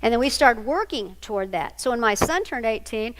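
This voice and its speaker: Woman speaker, middle-aged, higher voice, lively storyteller in a big reverberant hall. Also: brisk. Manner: animated storyteller, acts out quoted voices. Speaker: speaker on single parenting. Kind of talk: storytelling talk to an audience.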